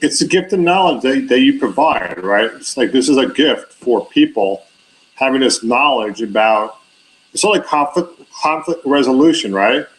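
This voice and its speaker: A man's voice: mid-range voice, animated, moderate pace, rough recording. Affirming male talk show host. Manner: affirming, checks with "right?". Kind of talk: interview questions.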